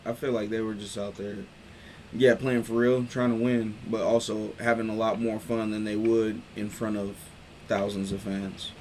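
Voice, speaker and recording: A man hosting a casual sports talk stream, riffing in loose, slangy, animated talk. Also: fairly low pitch, moderate pace, slight background noise. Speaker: host.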